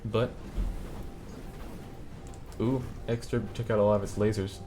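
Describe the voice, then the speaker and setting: Male host, relaxed game commentary with easy chuckles and filler words; low voice, music bed underneath. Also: a little slow. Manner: chuckling, loose, trailing off into fillers. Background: background music.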